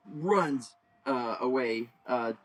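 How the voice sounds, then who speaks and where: A man's voice: drawn-out words, rough recording. A man narrating and running a tabletop role-playing game as game master, talking loosely with many fillers. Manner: rambling with many fillers, bursts into high shouted character voices.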